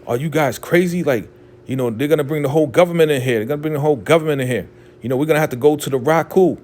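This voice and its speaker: A man voicing an angry male cult leader who berates and yells rapidly. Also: mid-range voice, natural voice. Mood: furious.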